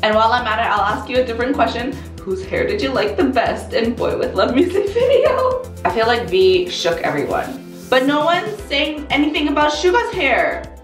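A woman's voice: a little high, sing-song, normal speed, recorded from a distance. A young woman chatting casually in a vlog, bubbly and gushing with frequent exclamations. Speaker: vlogger. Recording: roomy, off-mic, music behind.

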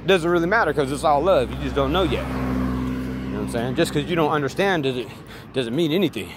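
A man's voice: fairly high pitch, fairly quick. Profane rambling man, street noise. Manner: profane, emphatic, repetitive. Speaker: vlogger. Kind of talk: rambling off-the-cuff monologue. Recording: loud street and vehicle noise.

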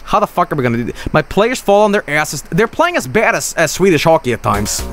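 Male streamer, high-ish voice that leaps around, grumbles then yells at the game, faint music behind. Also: very animated, brisk. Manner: swings from low grumbling to loud yelling and cursing at the game. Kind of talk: live gameplay commentary.

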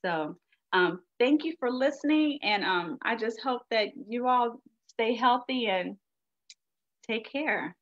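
A woman's voice: on the high side, expressive, slow pace. A woman giving a chatty, folksy webinar presentation on a video call. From United States. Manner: chatty, folksy, addresses audience as y'all. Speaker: guest speaker sharing her experience. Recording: dull lo-fi video call audio.

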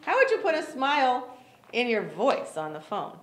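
A woman teaching an English class for job seekers, speaking slowly and clearly, encouraging and often laughing. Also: fairly high pitch, wildly swooping pitch, slight background noise. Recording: echoey classroom.

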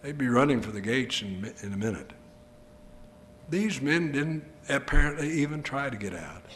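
A man's voice: medium pitch, lively intonation, normal speed, a bit bright, slight background noise. An older male preacher delivering an earnest, emphatic sermon full of rhetorical questions. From United States.

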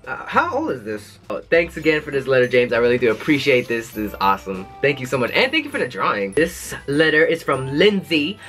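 A man reads fan mail aloud on his channel, his pitch leaping up and down as he reacts. He keeps breaking off to crack jokes between lines, and faint music plays underneath. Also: fairly quick. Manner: animated, jokey asides between letters. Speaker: YouTube host.

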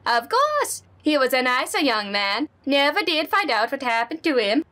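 A woman's voice: high voice, big pitch swings, normal speed, pushed and bright, heavily acted. A woman voicing a kindly older female neighbor in a game, polite and sweet, with a Minnesotan accent.

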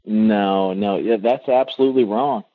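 A man's voice: lowish voice, normal speed. A man calling in to a radio show, arguing back and interrupting. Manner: argumentative, interrupting. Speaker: caller. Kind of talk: call-in debate. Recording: dull lo-fi phone line.

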